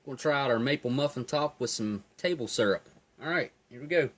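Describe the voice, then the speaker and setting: Man, mid-pitch voice, easygoing food reviewer tasting and describing flavors with enthusiasm. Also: a little fast. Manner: relaxed, enthusiastic tasting commentary.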